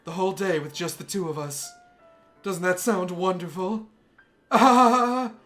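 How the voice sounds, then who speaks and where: A man voicing an obsessive, soft-spoken young woman, reading visual novel dialogue aloud in a hushed, intense voice. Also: high-pitched, a little slow, soft background music.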